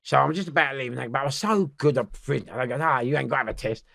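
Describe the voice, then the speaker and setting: A man's voice: medium pitch, very fast, creaky, few pauses, a bit bright, no room sound, clean studio sound. A man telling rambling prison stories as an interview guest, swearing and laughing, often restarting. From London. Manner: swearing, laughing, keeps restarting his story.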